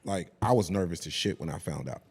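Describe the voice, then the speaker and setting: A man around forty, a podcast guest, chatting casually and telling stories in a profane, animated way. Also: low-pitched, fairly quick, breathy edge.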